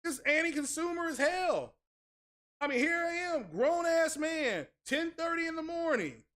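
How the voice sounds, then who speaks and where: A man's voice: very high voice, expressive, moderate pace, fairly bright tone. A man hosting a tech channel, ranting casually with sarcastic, mock-outraged exaggeration and crude, blunt language. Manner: crude, blunt street talk. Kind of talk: casual streamed rant.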